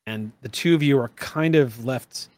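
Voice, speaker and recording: A man narrating a tabletop role-playing game as game master, measured and explaining the scene and rules. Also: medium pitch, darkish tone, dry recording.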